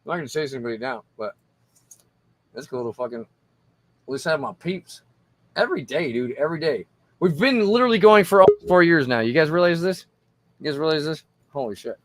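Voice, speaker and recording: A man's voice: fairly high pitch, lively intonation, brisk, long pauses, slight background noise. A tipsy man hosting a casual livestream, rambling and swearing between laughs. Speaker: livestream host.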